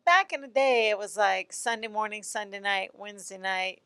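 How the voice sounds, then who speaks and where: A woman's voice: mid-range voice, moderate pace, fairly bright tone, no echo. A woman from North Carolina with a Southern accent, co-hosting a podcast in a studio, giggly and sassy with a sweet manner. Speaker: podcast co-host. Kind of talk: casual banter podcast. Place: recording studio.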